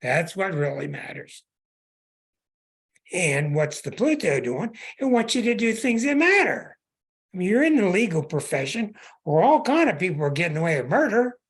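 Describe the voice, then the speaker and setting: A male astrologer host reads a caller's chart with a husky, slightly rough voice. His pitch swings widely as he hammers home his points. He is plain-spoken and repeats himself for emphasis. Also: very animated, normal speed. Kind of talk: call-in astrology chart reading.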